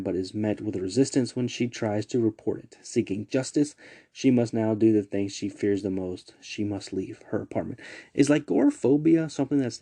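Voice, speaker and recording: A man's voice: medium pitch, mellow. A man hosting a casual solo podcast, reading out listings and rambling with laughs and asides. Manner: loose, rambling, laughs at his own asides. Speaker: podcast host.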